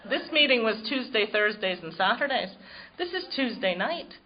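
A woman's voice: on the high side, animated, normal speed, dull audio, slight background noise. A woman giving personal testimony at a recovery meeting, telling her story in a wry, self-mocking way.

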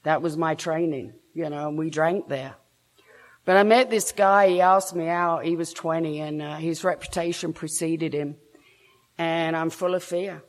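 A woman's voice: sits low, fairly even intonation, a little slow. A woman with an English accent, frankly and self-mockingly telling her own story to a recovery meeting, laughing now and then between lines. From England. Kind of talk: personal story told to a meeting.

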